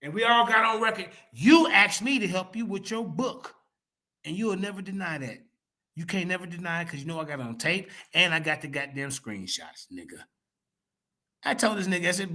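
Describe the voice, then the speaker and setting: A man's voice: sits high, expressive, a little fast, bright, forceful tone. A man on an online debate panel, angrily and profanely calling out a rival in a confrontational, repetitive way. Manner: repetitive, emphatic call-outs. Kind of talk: heated online panel argument.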